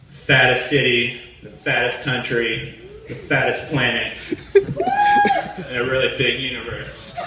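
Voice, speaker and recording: A man from Pakistan doing a stand-up set in a live comedy club, mixing deadpan jokes with excited bursts. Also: medium pitch. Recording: echoey club from far off.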